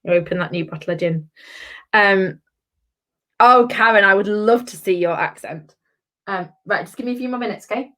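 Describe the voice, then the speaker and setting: A woman's voice: medium pitch, normal speed, long pauses, fairly bright tone. A woman hosting a chatty live-stream gin review from home, effusive and talking straight to her viewers by name. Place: at home, with her children wandering in.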